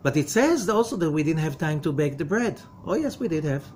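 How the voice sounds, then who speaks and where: A man teaching Kabbalah to a study group, emphatic and full of rhetorical questions, dropping to a low, quiet voice when he warns. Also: sing-song, fairly quick, slight background noise. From from outside America. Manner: drops to a low, quiet voice for warnings.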